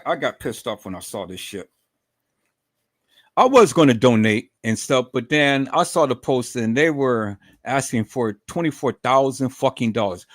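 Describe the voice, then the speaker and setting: Clean studio audio with no room sound captures a medium-pitched middle-aged man ranting furiously to his livestream viewers. He curses, calls them "peoples," repeats himself when heated and bursts into loud outbursts.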